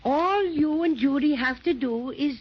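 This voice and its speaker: A man's voice: very high voice, unhurried. A man playing a small, friendly, boastful male teddy bear with an Irish brogue, in a 1930s radio drama. He talks in a chatty, blustery way. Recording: dull 1930s radio transcription.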